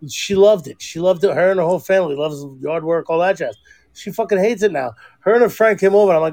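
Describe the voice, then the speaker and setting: A man hosting a podcast, telling stories in profane, animated casual chat. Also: high voice, quick pace. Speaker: podcast host.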